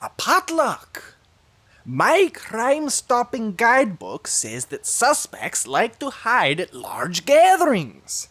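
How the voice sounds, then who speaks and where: Woman narrator for a kids' story: husky, slow, very animated. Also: fairly high pitch. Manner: animated and playful. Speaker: storybook reader. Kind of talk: expressive read-aloud narration.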